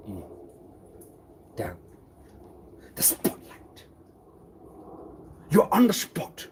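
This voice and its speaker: A man talking slowly and unhurriedly on a solo live stream, looping back over the same phrases and spelling words out. He jumps now and then into loud bursts before sinking back to a low mutter, with a faint hum of room ambience behind him. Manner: repetitive, circling wordplay with sudden loud outbursts. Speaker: livestreamer.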